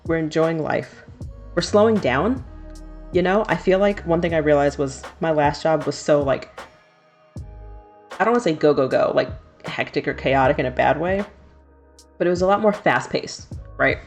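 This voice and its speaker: A woman's voice: low-pitched, normal speed, long pauses, faint music behind. A woman in her thirties, a streamer chatting casually and laughing often while doing her nails. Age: 30s.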